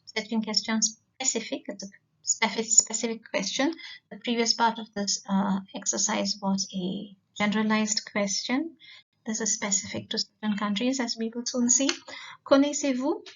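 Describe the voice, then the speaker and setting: A woman, a French teacher giving a recorded lesson and patiently repeating words slowly. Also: on the high side, fairly even intonation, creaky. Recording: dull lo-fi recording.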